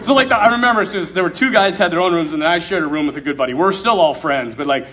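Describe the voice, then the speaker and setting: A man telling his faith story to an audience, animated and laughing often as he acts out the dialogue. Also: a little high, quick pace, slight background noise. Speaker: speaker sharing a faith testimony.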